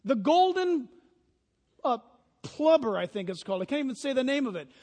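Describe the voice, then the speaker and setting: A man preaching a sermon as pastor, telling stories with lively imitations of honking geese. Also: very high-pitched, rapid-fire, long reverb tail.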